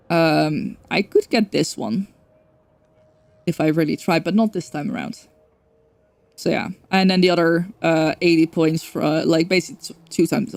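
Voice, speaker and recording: A woman's voice: fairly low pitch, vocal fry. Rambling woman streamer. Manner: rambling, self-correcting, swears casually. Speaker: game streamer. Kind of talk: casual livestream chat.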